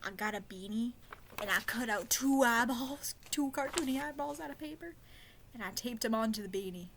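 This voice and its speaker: A young woman vlogger chats casually in a slightly high voice at a moderate pace, with a little hiss or hum. She rambles and wanders off on tangents, filling her talk with slang and fillers.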